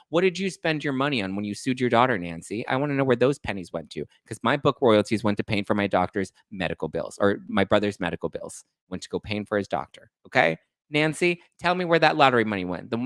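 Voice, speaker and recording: A man's voice: medium pitch, a bit bright, no echo. A man in his thirties hosting a podcast, ranting sassily and acting out both sides of his arguments. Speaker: podcast host. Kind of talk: heated commentary.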